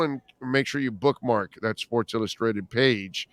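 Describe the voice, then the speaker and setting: A man hosting a sports radio show, chatting casually with a guest, joking around with animated bits and calling people "bro". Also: medium pitch, unhurried, no room sound.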